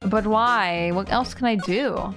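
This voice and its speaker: A woman streaming a game live, chatting and reading its dialogue aloud with giggles and loud excited outbursts. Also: mid-range voice, takes it slowly, music in the background.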